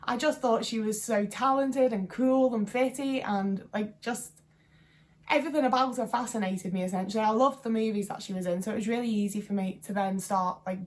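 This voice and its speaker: A woman in her twenties talking to camera in a casual vlog, chatty and rambling with lots of fillers and self-deprecating asides. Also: medium pitch. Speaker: vlogger.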